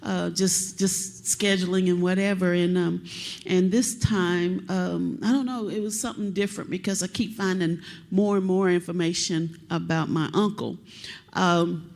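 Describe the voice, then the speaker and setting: A woman's voice: fairly low pitch, fairly even intonation, normal speed, creaky, darkish tone. A woman from Kentucky, a family member of a missing soldier, speaking from the audience at a public meeting, tearful and rambling as she talks. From Kentucky, USA. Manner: chatty and rambling, self-described talker.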